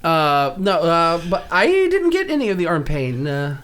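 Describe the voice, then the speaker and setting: Male podcast co-host, high and expressive, quick to laugh and riff. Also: crowd noise. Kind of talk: casual comedic chat.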